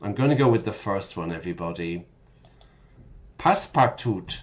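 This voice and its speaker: A man's voice: sits low, expressive, fast talker, darkish tone, muffled recording. A man teaching English while streaming a game, chatting casually, correcting himself and explaining words as he goes.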